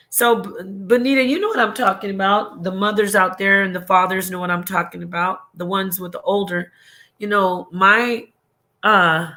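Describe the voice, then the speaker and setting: A middle-aged woman hosting a casual livestream, reading her chat and talking warmly, often trailing off and restarting her sentences. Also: mid-range voice. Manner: chatty, affectionate, trailing off and restarting. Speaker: livestream host.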